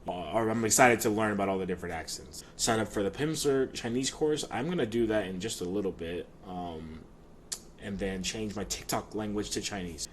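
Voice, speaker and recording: A man's voice: on the low side, normal speed, slight background noise. A man casually explaining his language study plan and pronunciation practice to viewers, with chatty filler ums. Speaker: language learner vlogger.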